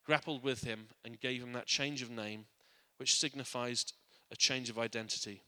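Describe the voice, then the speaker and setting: This is a church sermon from a man whose mid-range voice sounds very bright and forward, with a steady tone and moderate pace. The hall carries a long reverb, and his earnest delivery is full of restarts and repeated words, softening to a quiet hush on reflective points.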